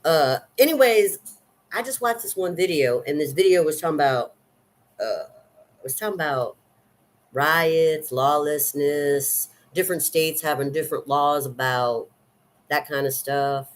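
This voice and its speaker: A woman's voice: sits low, a little slow. Rambling woman with a Southern drawl. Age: 50s. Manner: rambling and chatty, with many ums and restarts. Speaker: vlogger. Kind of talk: casual chat.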